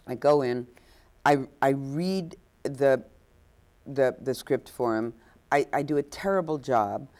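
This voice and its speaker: Low-voiced woman telling stories. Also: slow pace, darkish tone. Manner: hesitant, many fillers and restarts, acts out quotes. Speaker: guest actress. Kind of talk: anecdotal storytelling. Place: inn overlooking the ocean.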